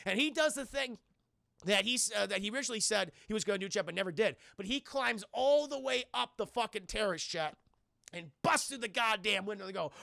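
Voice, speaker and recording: A young man streaming from his apartment, recapping a film scene by scene for his chat in an excitable, profane way and acting out the characters' lines. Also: high-pitched, fast talker, creaky, dry recording, studio quality.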